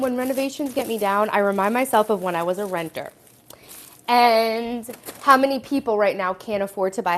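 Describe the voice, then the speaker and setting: A middle-aged woman hosting a casual live stream, rambling and chatty with lots of "like" and "you know" as she talks about her home. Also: mid-range voice. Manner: rambling, chatty, many fillers. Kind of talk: casual live-stream chat while tidying.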